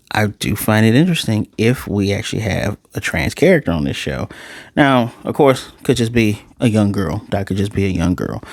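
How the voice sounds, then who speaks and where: A man casually reviewing an anime episode in a sarcastic, animated way, his voice jumping high for emphasis. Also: no echo, studio quality.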